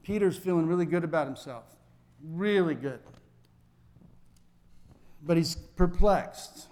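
A man's voice: on the high side, slow pace, darkish tone. Man preaching in a reverberant church. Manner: conversational preaching with acted-out dialogue. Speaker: pastor. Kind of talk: sermon.

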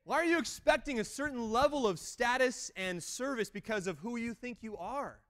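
A man telling a faith testimony as an animated story with self-deprecating humor, swinging between loud exclamations and quiet asides. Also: extremely high pitch, moderate pace. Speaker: speaker sharing a mission testimony. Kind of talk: storytelling talk.

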